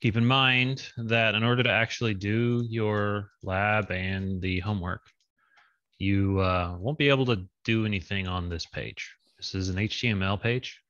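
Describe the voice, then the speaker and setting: Through lo-fi, slightly dull call audio with no echo, a lab instructor leads an online coding walkthrough via screen share. His voice is lowish, bright, forceful and steady in tone, and he speaks casually, reasoning aloud and filling gaps with ums and uhs.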